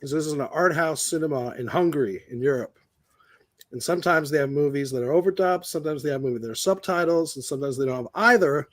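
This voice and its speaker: A man's voice: on the high side, fast, dry recording. A middle-aged man co-hosting a podcast, telling anecdotes in a self-mocking, casual way. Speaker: podcast co-host. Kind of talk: casual storytelling chat.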